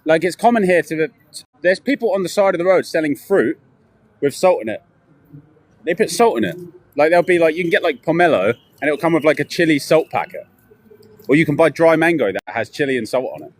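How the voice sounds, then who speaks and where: A man's voice: on the high side, lively intonation, fairly quick. A man chatting casually during a walking live stream outdoors, rambling and telling stories as he goes. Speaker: vlogger. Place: outdoors on city streets. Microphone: handheld camera while walking.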